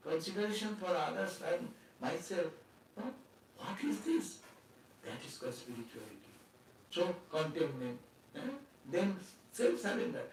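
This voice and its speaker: A man with a high voice gives a spiritual talk as a swami, delivering his sermon conversationally with laughter and rhetorical questions. He's heard from far off in an echoey hall, with a little hiss or hum.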